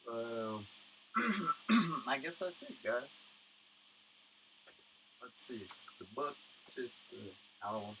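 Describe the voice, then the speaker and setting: Speaking into a studio condenser mic, this Tucson, Arizona livestream host talks in a mid-range voice with big pitch swings, a measured pace, and long pauses. His tone is bright and forceful, and his chat is casual, profane, rambling, and full of fillers. The low-quality audio carries a little hiss or hum.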